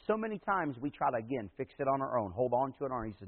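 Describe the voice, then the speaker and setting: Male pastor, sermon delivery, husky tone, emphatic build-ups, tinny lo-fi phone-like audio. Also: medium pitch, lively intonation, very fast, few pauses, big-room sound. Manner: preaching, rising to loud emphatic peaks.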